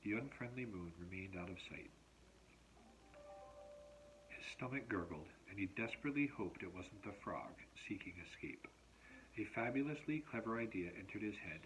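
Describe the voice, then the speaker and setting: Deep-voiced man reading a novel aloud. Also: animated, moderate pace, a bit bright, slight background noise, poor audio. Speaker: teacher.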